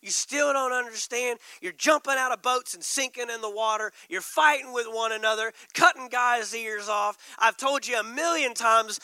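A man pastor preaching a sermon with emphatic delivery, slowing words down for stress. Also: very high voice, sharp tone, no echo, low-quality recording.

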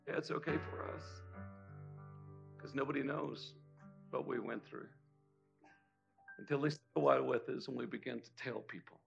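A middle-aged man preaching as a guest pastor, telling a personal testimony in an impassioned sermon that moves between hushed moments and loud exhortation. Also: mid-range voice, moderate pace, vocal fry, long pauses, highs cut off, over music. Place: church service hall.

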